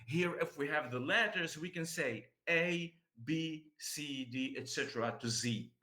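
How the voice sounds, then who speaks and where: A male teacher lectures on pronunciation, with a bright voice that sits a little high. He takes his time and often checks with his students. The sound bounces around an echoey classroom. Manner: explains slowly, repeats and checks with the class.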